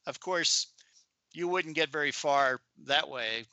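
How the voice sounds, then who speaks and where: A man in his seventies, a podcast guest and author, telling animated stories in a chatty interview. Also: a little high, slow, no room sound. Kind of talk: anecdotal storytelling in an interview.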